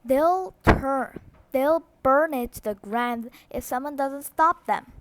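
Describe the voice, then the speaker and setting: A woman's voice: high voice, slow pace, no room sound. A woman reading as a frightened young schoolteacher. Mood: urgent. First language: Korean. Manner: urgent, pleading. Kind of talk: audiobook read-aloud.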